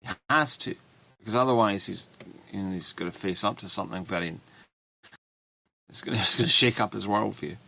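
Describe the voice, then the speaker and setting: Man, low gravelly voice, halting and full of restarts; unscripted guest chat. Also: bright, forceful tone. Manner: halting, many restarts and fillers. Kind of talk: livestream political discussion.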